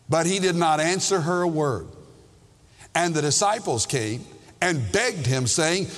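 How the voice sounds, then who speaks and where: A man preaching a sermon as a pastor, his voice set slightly high for a man. He takes each phrase slowly and leans into the emphasis, putting questions to his congregation. A long hall reverb trails behind every line. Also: expressive, fairly bright tone.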